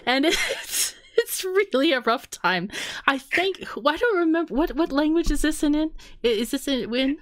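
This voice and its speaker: A woman's voice: high voice, lively intonation, moderate pace, no room sound, clean studio sound. A woman co-hosting a podcast in casual chat, laughing often as she talks. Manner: laughs often, giggly and chatty. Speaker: podcast co-host.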